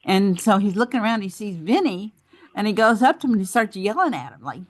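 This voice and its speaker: A woman's voice: medium pitch, expressive, fairly quick. A woman on a group video call, telling family stories in a rambling way with lots of fillers. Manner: rambling storyteller, many fillers. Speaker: group member. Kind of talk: casual chat.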